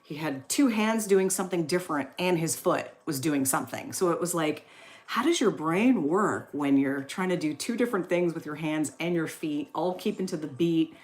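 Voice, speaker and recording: Low-voiced chatty woman in her forties. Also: animated, moderate pace, a little mellow. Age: 40s. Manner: chatty and rambling, with frequent fillers and laughs. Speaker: live stream host. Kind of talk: casual live chat reading viewer comments.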